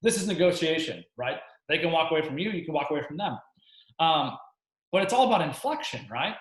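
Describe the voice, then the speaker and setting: A man co-hosting a real estate coaching webinar in casual chat, relaxed, with plenty of fillers and easy laughs. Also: on the high side, a little fast. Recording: echoey room.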